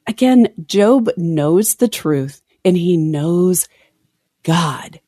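A woman's voice: fairly low pitch, unhurried, no room sound, studio quality. A woman co-hosting a podcast, chatting casually about a Bible reading, quoting verses and breaking off mid-thought. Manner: expressive, reads scripture aloud, self-interrupting. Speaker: podcast co-host. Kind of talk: casual Bible study chat.

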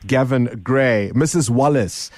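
A man's voice: medium pitch, slow pace. A man hosting a radio talk show in casual, conversational chat. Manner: conversational and relaxed, with easy restarts. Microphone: studio microphone.

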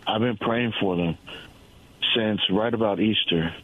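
A man's voice: lowish voice, a little slow. A male caller sharing an earnest testimony over the phone, repeating words for emphasis. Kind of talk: call-in testimony. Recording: tinny phone line.

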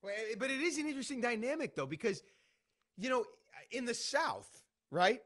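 A man from Boston hosting a sports radio show, rambling through his points in quick asides and restarts. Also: very high voice, very animated, a bit bright.

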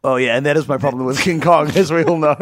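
Jokey, rambling man with a higher voice. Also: fast talker, dry recording. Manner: jokey, rambling, laughs often. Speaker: podcast co-host. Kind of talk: casual comedic chat.

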